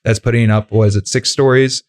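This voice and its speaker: A man's voice: medium pitch, fairly even intonation, brisk. A man hosting a casual interview podcast, talking in a loose, rambling way with many fillers. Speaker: podcast host.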